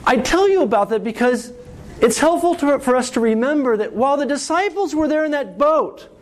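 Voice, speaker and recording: A middle-aged man preaching a sermon, telling a story with lively rises and falls and often asking "right?". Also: very high-pitched, a little fast. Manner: animated storytelling, asks "right?".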